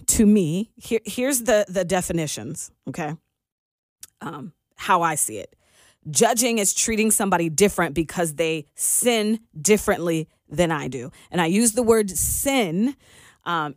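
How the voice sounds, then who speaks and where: A woman talking through her views on faith in a loose, conversational way, often restarting a phrase as she searches for words. She reads passages of scripture aloud between her own thoughts. Her voice sits a little low and sounds close and dry, with no room around it. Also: dry recording. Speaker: Christian commentator. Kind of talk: casual spoken commentary with Bible reading.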